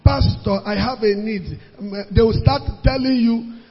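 High-voiced preacher, husky. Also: male voice, a little slow. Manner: emphatic, repeats words for stress, sometimes loud and rising. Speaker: pastor. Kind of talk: sermon. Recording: muffled sound with long hall reverb, faint music.

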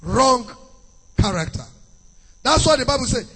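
A man's voice: very high voice, expressive, a little slow, long pauses, a bit bright, slightly rough. A man preaching a sermon, emphatic and sing-song, repeating key phrases. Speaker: pastor. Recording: long hall reverb with faint music.

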